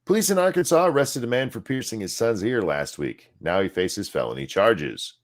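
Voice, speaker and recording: Lower-voiced male podcast co-host with a lively pitch, reads an article aloud and adds snarky side comments. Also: moderate pace. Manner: reads aloud with sarcastic asides and profanity. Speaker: podcast co-host reading news.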